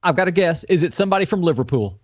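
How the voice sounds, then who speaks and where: A woman giving deadpan joke answers in a quiz on a live stream. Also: fairly low pitch, very fast. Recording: muffled noisy remote audio.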